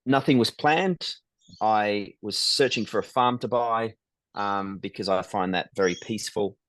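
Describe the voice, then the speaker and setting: Middle-aged male guest, low and dry: reflective storyteller, hesitant with ums and restarts. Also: no room sound. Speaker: guest, business founder. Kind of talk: conversational interview storytelling.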